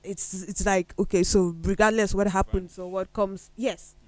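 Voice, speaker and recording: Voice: mid-range voice, little pitch movement, normal speed, no echo. A guest on a studio discussion show, speaking in a reflective, questioning way.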